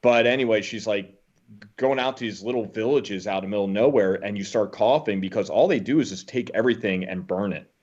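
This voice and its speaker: Low-voiced man on a muffled line. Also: a little fast, a little mellow. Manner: blunt storyteller, swears freely. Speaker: guest, former Marine. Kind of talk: casual conversation.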